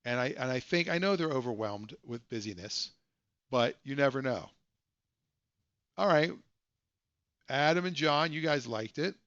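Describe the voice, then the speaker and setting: A man's voice: medium pitch, animated, measured pace, long pauses, a bit bright, dry recording, dull audio. A man hosting a casual live stream, telling rambling stories and correcting himself as he goes, from a home setup. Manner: rambling, self-correcting storyteller.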